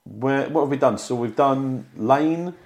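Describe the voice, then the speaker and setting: A man's voice: medium pitch, unhurried, darkish tone. A man co-hosting a podcast from home, chatting playfully and breaking into comic impressions. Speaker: podcast co-host. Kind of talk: casual chat. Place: home with a dog nearby.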